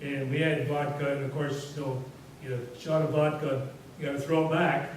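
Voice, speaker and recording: With a somewhat high voice, a level tone and a normal pace, a male guest speaker gives a casual storytelling presentation, spinning rambling, easygoing anecdotes to a room. His talk is scattered with "you know," and he's picked up from a distance in a very echoey hall over a faint hiss.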